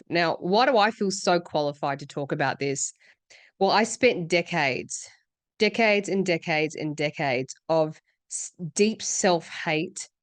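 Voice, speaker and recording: Earnest low-voiced woman podcaster. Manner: earnest, repeats words for emphasis. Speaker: podcast host. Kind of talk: reflective self-help monologue.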